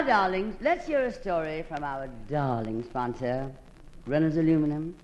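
A woman's voice: mid-range voice, a bit bright, a little hiss or hum, poor audio. A woman hosting a radio variety show in a grand, theatrical manner, calling everyone darling. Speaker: show hostess.

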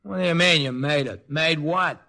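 An actor playing a tough-talking, streetwise war veteran who narrates the story in a 1940s radio drama, full of slang and wisecracks. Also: male voice, a little high, normal speed, sharp tone. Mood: sardonic. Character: wisecracking streetwise man, war veteran, gruff but kind. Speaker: narrator and lead character.

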